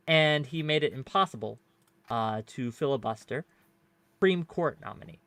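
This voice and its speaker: A man's voice: a little high, moderate pace, bright, forceful tone, no room sound. A man hosting a debate panel, arguing his point at length with lots of fillers, restarts and rhetorical "right?" tags. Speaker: panelist and show host. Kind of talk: casual debate argument.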